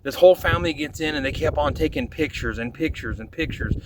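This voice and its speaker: A man's voice: fairly high pitch, quick pace, far from the mic, noisy background. A young man, a vlogger, telling stories from his trips in casual, exasperated, profanity-laced rants. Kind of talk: casual storytelling.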